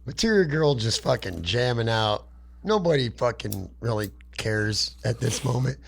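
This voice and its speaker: A man co-hosting a comedy podcast, telling a crude, profane, animated story and putting on voices for its characters. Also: mid-range voice, normal speed, gravelly, breathy edge. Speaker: podcast co-host.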